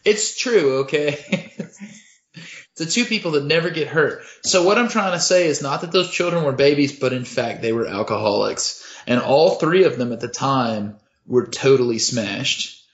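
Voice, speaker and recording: Comedy podcast host, man, deadpan and crude, roomy lo-fi mic. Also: medium pitch, moderate pace. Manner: deadpan, profane, mock-serious. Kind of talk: casual comedic storytelling.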